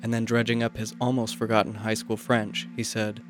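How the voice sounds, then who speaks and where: A man narrating a literary short story in a measured, quiet, even manner. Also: on the low side, over music.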